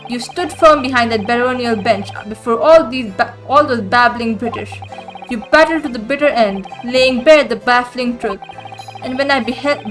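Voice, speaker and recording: A woman voicing an excitable, nervous young man studying abroad, who gushes in tongue-twisting alliteration. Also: extremely high pitch. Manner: flustered, alliterative gushing.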